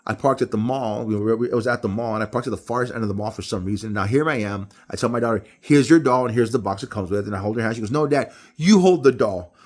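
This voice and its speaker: A middle-aged man giving a casual Bible devotional talk, telling personal stories with animated, rising delivery. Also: very fast, hardly any pauses. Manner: animated storytelling, jumps high when acting out others. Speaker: preacher.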